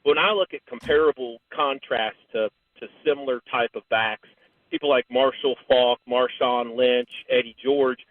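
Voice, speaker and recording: Male caller, tinny phone line, earnest sports analysis, mid pitch, close dry sound. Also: moderate pace, no room sound. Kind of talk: call-in sports opinion.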